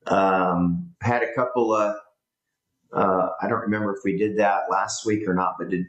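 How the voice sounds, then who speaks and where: A man co-hosting a podcast, talking in a relaxed, halting way with many fillers. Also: deep voice, highs cut off. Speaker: podcast co-host. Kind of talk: casual chat. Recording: roomy echo.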